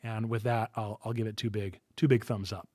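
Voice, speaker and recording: A man's voice: fairly low pitch, level tone, mellow, no room sound, studio quality. A man co-hosting a gaming livestream, chatting casually and enthusiastically about upcoming games and laughing easily. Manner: upbeat, enthusiastic, quick to laugh. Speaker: stream co-host. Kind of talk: casual chat on a gaming stream.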